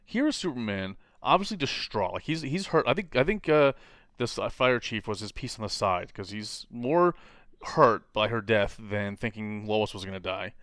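A man chatting casually about comics, animated and quick to mimic characters in silly voices. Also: on the low side, no echo, studio quality. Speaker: comic book podcast co-host. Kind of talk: casual chat.

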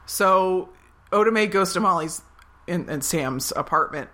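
Woman podcast co-host, bright tense voice, animated storytelling, casual movie chat. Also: fairly low pitch. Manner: animated retelling with quick acted-out quotes, laughs often.

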